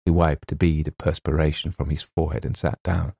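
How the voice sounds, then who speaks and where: Deep, gravelly male narrator. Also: flat delivery, a little fast, warm tone, dry recording, studio quality. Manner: droll, wry storytelling. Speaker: audiobook narrator. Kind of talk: scripted narration of a comic story.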